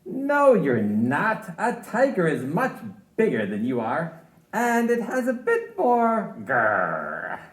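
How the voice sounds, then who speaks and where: A doubtful, teasing animal from a picture book, as a reader voices it. The pitch leaps around wildly while the delivery stays slow, and the sound is echoey, as if from a bare room. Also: wildly swooping pitch. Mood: scoffing. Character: skeptical animal doubting a mouse.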